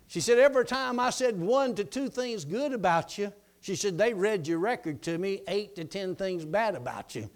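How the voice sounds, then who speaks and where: A man preaching a testimony sermon, telling his story dramatically and shouting his declarations. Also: sits high, expressive, normal speed, hardly any pauses.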